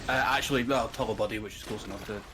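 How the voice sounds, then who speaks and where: A man's voice: on the low side, racing. A Scottish man on a livestream, tired and a bit hesitant, speaking with many fillers. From Scotland. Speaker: stream guest. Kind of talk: casual chat on a livestream. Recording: noisy voice chat.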